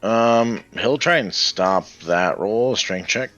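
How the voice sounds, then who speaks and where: A man runs a tabletop game, pausing and filling gaps with ums. His voice is low but bright. The sound is dry and dull, like a lo-fi mic. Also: soft background music. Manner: relaxed, hesitant, many ums. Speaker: game master.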